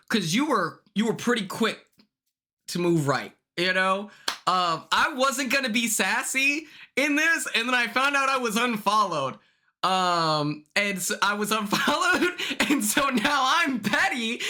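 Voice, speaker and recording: Bright-voiced sassy young man streaming. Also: high-pitched. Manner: blunt and sassy, swears often, quick to apologize. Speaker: livestream host. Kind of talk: casual livestream chat.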